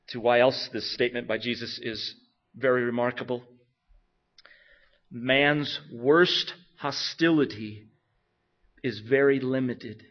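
Animated preacher, dull lo-fi sound. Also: male voice, medium pitch, slow pace, pauses often. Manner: animated, with rhetorical questions, swinging from loud to hushed. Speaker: pastor. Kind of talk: sermon. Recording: dull lo-fi recording.

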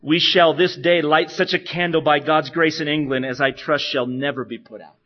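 A man's voice: fairly high pitch, steady tone, normal speed, natural voice. Sex: male. Figure: a man putting on a resolute reformer facing death. Sound: raised and firm, on a dull lo-fi recording.

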